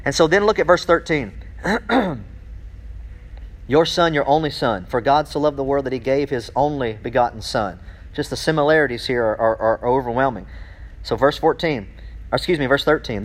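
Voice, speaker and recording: A man preaching a sermon to a congregation, reading scripture aloud, then breaking off mid-sentence to ask questions with growing excitement. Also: mid-range voice, moderate pace. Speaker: pastor.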